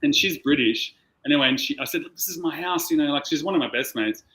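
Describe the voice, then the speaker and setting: A man's voice: on the high side, fast talker, fairly bright tone, poor audio. An Australian man chatting as a guest on a video call, telling a rambling story with plenty of swearing. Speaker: client guest. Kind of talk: casual chat.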